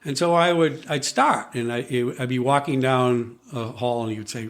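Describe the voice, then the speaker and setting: A man recounting his past as a podcast guest, in an animated storytelling manner. He slips into the voices of people he quotes and often restarts his sentences. His voice sits at a middling pitch. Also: normal speed, hardly any pauses. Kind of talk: storytelling in conversation.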